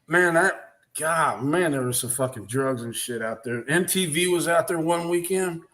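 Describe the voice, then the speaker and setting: A man in a casual chat, relaxed and swearing casually as he remembers things. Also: on the high side, normal speed. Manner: laid-back, swears casually.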